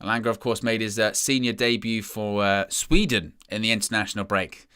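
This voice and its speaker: A young man giving excitable, chatty live commentary as a fan following a football match. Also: on the low side, fairly quick, smooth. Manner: excitable, chatty play-by-play with asides.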